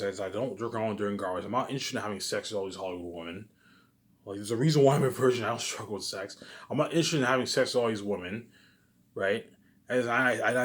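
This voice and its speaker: A man delivering an agitated, profane monologue to his viewers, repeating himself and restarting sentences, swinging between loud outbursts and low muttering. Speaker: YouTube vlogger. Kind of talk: ranting monologue to camera.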